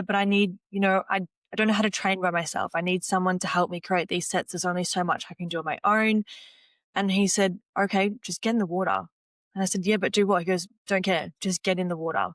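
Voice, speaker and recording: A young woman with a mid-range voice, heard with no echo, shares casual interview stories as a podcast guest and former swimmer. Relaxed and full of "like" and "you know," she recounts past exchanges by quoting herself and others.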